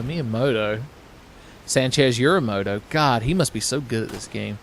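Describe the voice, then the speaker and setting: A man's voice: mid-range voice, moderate pace, gravelly, a little hiss or hum. Male let's play host, sarcastic and foul-mouthed, rambling casual game commentary.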